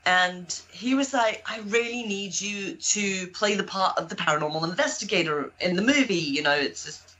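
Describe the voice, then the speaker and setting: Bright-voiced woman with mixed accent. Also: medium pitch, normal speed, low-quality recording. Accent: mixed South African, British and American. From born in Zimbabwe, raised in South Africa and Greece. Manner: chatty, laughing storyteller. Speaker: guest paranormal investigator. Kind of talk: casual chat on a live show.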